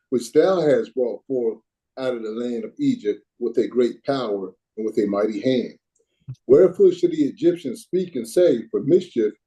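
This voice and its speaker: A man reading Bible verses aloud in a steady, formal way. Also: mid-range voice, low-quality recording. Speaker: scripture reader.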